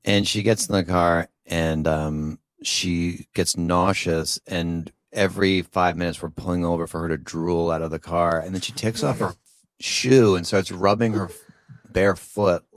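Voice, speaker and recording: A man who is a guest comedian on a podcast, chatting casually in a self-deprecating, deadpan way. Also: deep voice, measured pace, clear, resonant tone, no room sound. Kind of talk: casual chat.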